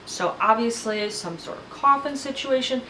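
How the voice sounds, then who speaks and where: A woman's voice: fairly high pitch, normal speed, pushed and bright, slight background noise. A young woman casually recapping a TV episode in a chatty, gushing way, acting out what the cast said. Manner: chatty, gushing, acts out the cast's lines. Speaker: recap vlogger. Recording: echoey room with faint ambience.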